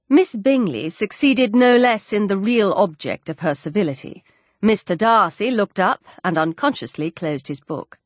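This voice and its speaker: A woman narrating an audiobook in an animated storytelling manner, giving each figure a voice of its own. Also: medium pitch, no room sound.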